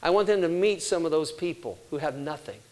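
An older man preaching a sermon, telling family stories and acting out quoted voices with animated delivery. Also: fairly high pitch, fairly quick, low-quality recording.

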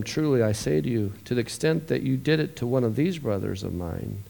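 A man's voice: medium pitch, animated, a little fast, gravelly, hardly any pauses. Emotional male pastor preaching. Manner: emotional, swings between loud scripture reading and soft storytelling. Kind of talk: sermon.

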